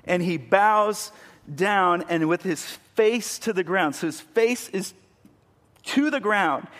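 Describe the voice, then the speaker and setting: A man's voice: high-pitched, a bit bright. A man preaching a sermon, retelling a story vividly and building to emphatic peaks. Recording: long hall reverb.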